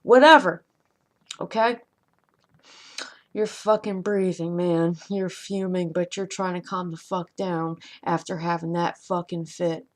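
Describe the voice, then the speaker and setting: A woman's voice: lowish voice, fairly even intonation, a little slow. A woman giving an impassioned motivational monologue, profane and emphatic, repeating lines for effect. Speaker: vlogger.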